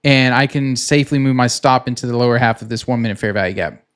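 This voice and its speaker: A man casually talking through his trading session on a screen share, relaxed and chatty, pointing at the chart as he explains. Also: mid-range voice. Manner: relaxed and chatty, many "like"s, quick laughs; talks himself through the chart while pointing at it. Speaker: futures trader recapping his trading session.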